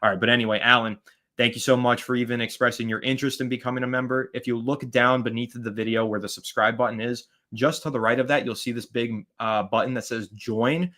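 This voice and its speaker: A man hosting a live fan stream, chatting casually, rambling and shouting out viewers by name as he reads their comments. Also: medium pitch, steady tone, quick pace.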